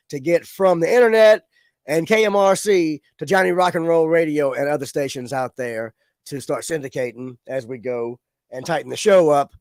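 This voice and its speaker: A man's voice: on the high side, a little mellow, no echo. Man, casual livestream host, easygoing, dry studio sound. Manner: laid-back, chatty, addresses viewers as y'all. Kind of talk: casual live-stream chat. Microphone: studio microphone with audio interface.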